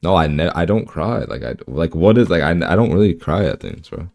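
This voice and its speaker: A man's voice: sits low, lively intonation, fairly quick, vocal fry, a little mellow. A young man chatting casually, emphatic and blunt, swearing freely. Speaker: vlogger. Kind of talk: casual chat.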